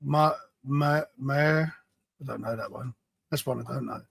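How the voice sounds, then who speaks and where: Gravelly, laughing podcast co-host man. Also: medium pitch, unhurried, dry recording. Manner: laughs a lot, swears, repeats names back. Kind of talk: casual banter.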